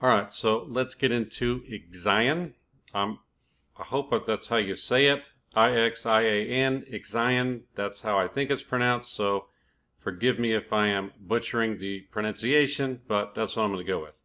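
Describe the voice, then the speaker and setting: A man hosting his own cryptocurrency channel, explaining a coin project in a relaxed, conversational way, with fillers and small self-corrections. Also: on the low side, moderate pace. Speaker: crypto YouTube channel host. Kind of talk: casual explainer, reading from a project page.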